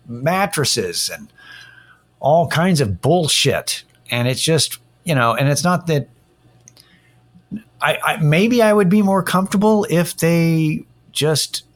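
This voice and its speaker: A middle-aged man hosting a casual solo podcast, ranting in an irritated, profane way. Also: mid-range voice. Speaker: podcast host. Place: Austin-area home setting.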